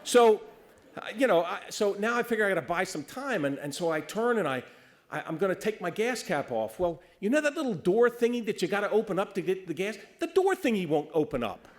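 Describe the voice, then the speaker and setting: A man's voice: high-pitched, sing-song, fairly quick. A man, a police officer, telling a funny story at a roast. He often stammers and restarts, and he acts out the people he quotes.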